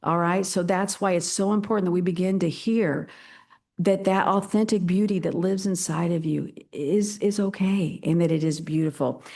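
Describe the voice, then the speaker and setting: A woman's voice: fairly low pitch, fairly even intonation, normal speed, creaky, darkish tone. Older lady pastor preaching, playful and dramatic, leans hard on her words. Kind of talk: sermon.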